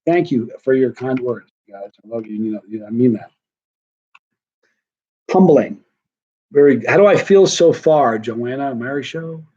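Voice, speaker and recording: A man's voice: medium pitch, expressive, a little slow, long pauses, darkish tone, highs cut off. A middle-aged man chatting casually on a live stream, rambling and self-deprecating, worn out and wired at once. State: tired and wired. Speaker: vlogger answering live chat.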